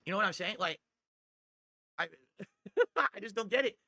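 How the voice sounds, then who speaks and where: A man's voice: sits high, expressive, measured pace, sharp tone, no room sound. A man hosting his livestream, talking into a desktop condenser mic at home and ranting in a brash, boastful way. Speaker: streamer host. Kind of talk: casual podcast-style livestream monologue.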